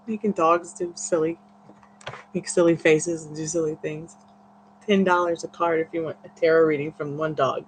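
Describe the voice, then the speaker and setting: A woman's voice: deep voice, steady tone, normal speed, slight background noise, rough recording. A woman hosting a live tarot stream who chats casually and coos playful baby talk to her dogs. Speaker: tarot reader and livestream host. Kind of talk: casual livestream chat.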